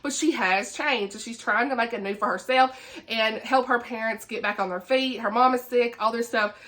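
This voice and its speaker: A woman's voice: fairly high pitch, moderate pace, fairly bright tone. A woman with a Southern US accent chatting casually as a book vlogger, laughing often and dropping folksy asides. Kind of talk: casual chat.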